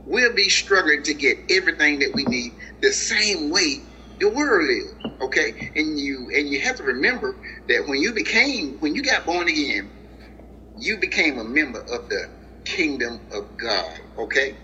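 Preacher guy reading scripture slow then breaking it down, bright voice that swings all over, kinda muffled recording. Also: on the high side, sing-song, a little hiss or hum. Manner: addresses listeners directly as family and guys. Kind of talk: sermon, reading and explaining scripture.

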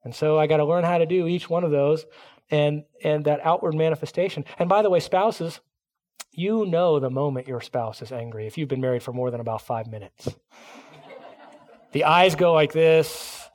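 Animated high-voiced male preacher. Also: brisk. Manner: animated, acts out quoted voices. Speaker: pastor. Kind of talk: sermon.

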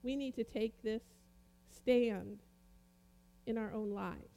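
High-pitched woman preacher, emphatic sermon delivery with dramatic pauses. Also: gravelly, dark tone. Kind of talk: sermon, reading and comparing Bible translations.

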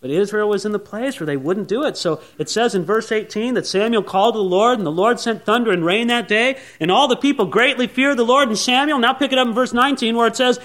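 A pastor preaching a sermon to his congregation, earnest, moving between quiet asides and raised pleading. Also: sits high, fast talker, hardly any pauses.

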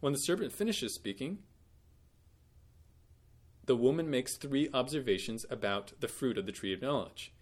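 Guy teaching a bible lesson, animated up-and-down voice, fixes his wording as he goes. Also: medium pitch, normal speed, long pauses. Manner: careful, explanatory, with self-corrections; rereads quoted lines with rising emphasis.

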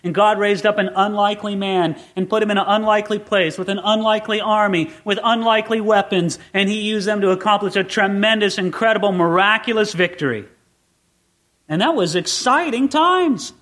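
A middle-aged man preaching a Bible sermon as pastor, swinging between quiet asides and excited peaks. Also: high voice, brisk, hardly any pauses.

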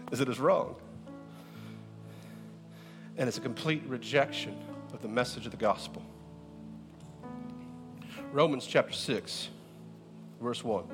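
A pastor preaching a sermon in a lively, joking way, firing rhetorical questions at his church. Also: mid-range voice, a little slow, long pauses, soft background music. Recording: echoey hall.

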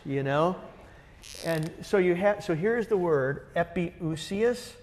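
A man's voice: high voice, lively intonation, slow, a little mellow. A man teaching a Bible study, enthusiastic and conversational, putting questions to the group. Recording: long reverb in a large room.

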